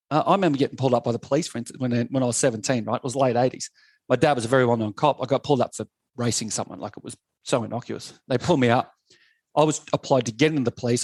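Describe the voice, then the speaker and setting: A man in his fifties with an Australian accent, a podcast guest telling blunt, animated stories and swearing freely. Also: medium pitch, no room sound. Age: 50s. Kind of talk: casual podcast chat.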